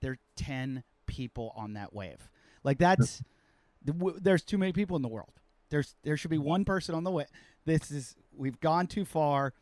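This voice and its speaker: A man's voice: a little high, animated, moderate pace, darkish tone, no echo. A man hosting a podcast as a comedian, telling rambling, self-mocking stories in casual chat.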